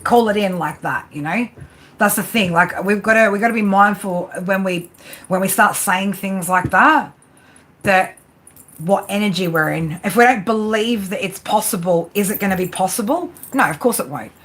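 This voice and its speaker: A woman's voice: medium pitch, normal speed, fairly bright tone. A woman doing live tarot readings, chatty and rambling, often restarting her sentences. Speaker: tarot reader.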